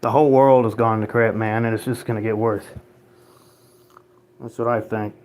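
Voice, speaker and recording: A man's voice: lowish voice, steady tone, moderate pace, a little mellow. Man rambling and sarcastic on a livestream. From United States. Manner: rambling, sarcastic, swears and laughs often. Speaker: livestream host reading chat. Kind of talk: casual rambling livestream chat.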